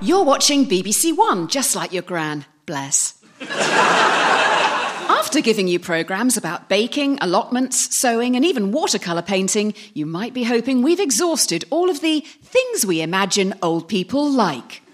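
A woman's voice: fairly high pitch, big pitch swings, normal speed, slight background noise. A woman making a wry, teasing channel announcement. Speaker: continuity announcer. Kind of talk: scripted comic announcement. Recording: loud music behind.

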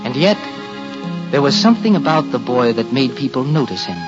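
A man narrating a storybook tale with expressive, swinging delivery. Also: mid-range voice, fairly quick, dull audio, loud music behind the voice.

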